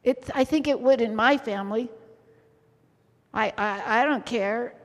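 A woman preaching a sermon in a church, telling the story with lively, theatrical flair. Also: on the high side, a little slow. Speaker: pastor's wife preaching. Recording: church hall reverb.

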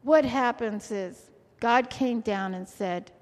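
A woman's voice: on the high side, takes it slowly. A woman preaching a sermon, asking the congregation questions often and keeping them involved. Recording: long hall reverb.

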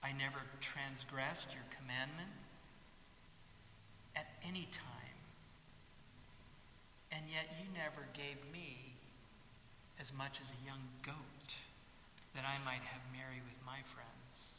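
A man voicing a resentful older brother, who complains in a low, slow, bitter voice. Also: steady tone. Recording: echoey hall with faint hiss.

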